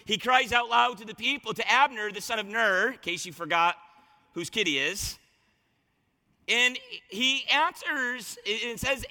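A man preaching a sermon, retelling a scripture story with lively voiced quotes. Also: high voice, normal speed. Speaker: pastor. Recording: long reverb of a large hall.

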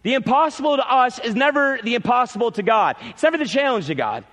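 A male pastor preaching a sermon in a church, emphatic, repeating key phrases and swinging between loud peaks and quiet drops. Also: very high voice, very animated, quick pace, in a large hall.

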